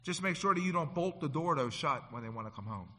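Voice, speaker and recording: A man preaching a sermon, swinging from loud to hushed and acting out the people in his stories. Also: a little high, animated, quick pace. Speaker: pastor. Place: church sanctuary. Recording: long hall reverb.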